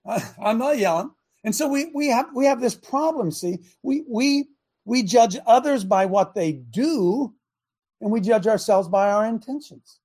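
A man's voice: very high voice, expressive, measured pace, a little mellow, slightly rough. A middle-aged man hosting a show and preaching a conversational sermon, fervent and often checking that listeners follow him.

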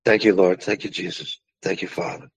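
A very deep-voiced man reads scripture in a slow, formal and solemn manner. His voice is low and husky. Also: steady tone, poor audio. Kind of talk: scripture reading and prayer.

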